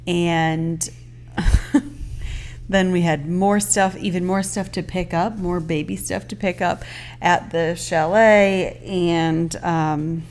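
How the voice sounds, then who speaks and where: A woman with a fairly low voice co-hosts a relaxed podcast from a house-sit. She chats freely and teases her co-host, filling her talk with "um" and "like". The mood is loose, everyday conversation. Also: slow. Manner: chatty, filler-heavy, teasing. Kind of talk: casual podcast chat.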